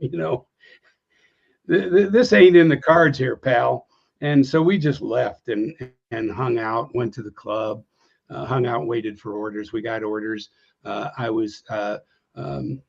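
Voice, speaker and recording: A man's voice: vocal fry, a little mellow. An older American man telling war stories in an interview, rambling with many fillers and restarts, and raising his voice when he acts out old conversations. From United States. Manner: acts out quoted dialogue with lifted pitch. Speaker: interview guest, veteran. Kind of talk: casual storytelling. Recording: dull lo-fi audio.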